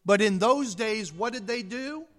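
Slow, forceful pastor preaching a sermon. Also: medium pitch, lively intonation. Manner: dramatic preaching, rhetorical questions, swings from hushed to loud.

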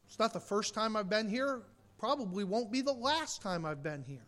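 A male pastor preaching an impassioned sermon that swings from loud emphasis to quiet intensity, with direct questions to the congregation. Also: high-pitched, expressive, a little fast.

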